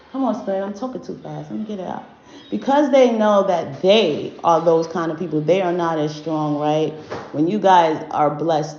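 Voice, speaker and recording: A woman's voice: on the low side, darkish tone. Woman, blunt and profane, casual livestream reading, roomy dull sound, faint hiss. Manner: blunt and profane, talks to chat directly. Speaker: spiritual reader livestreaming to viewers.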